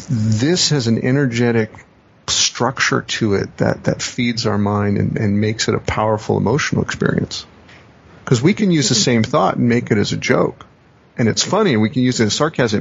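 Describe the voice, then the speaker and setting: A man with a creaky, husky, medium-pitched voice speaks at a moderate pace. He's a coach and teacher explaining ideas in a reflective podcast chat, rephrasing and repeating himself and performing quoted phrases, all in dull lo-fi audio.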